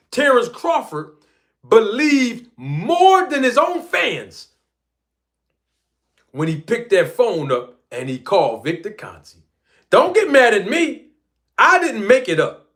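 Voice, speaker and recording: An American man hosting a boxing talk live stream, teasing the audience with loud hype and then dropping into a soft crooning tone. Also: high voice, sing-song, normal speed. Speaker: boxing talk show host. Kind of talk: live-stream commentary and shout-outs.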